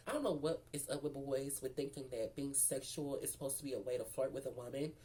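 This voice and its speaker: A woman from Memphis, Tennessee speaks in a rumbling low, warm voice, talking fast with few pauses over slight background noise. As a storyteller vlogger she gives a casual, sassy, profane, chatty account of something personal, calling viewers girl and baby.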